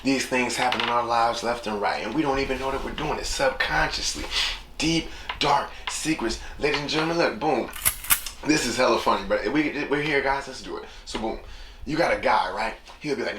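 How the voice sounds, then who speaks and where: A man's voice: mid-range voice, brisk. A man hosting a casual solo podcast, talking loosely and slipping into voices when he quotes people. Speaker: podcast host. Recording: echoey room with noticeable background noise.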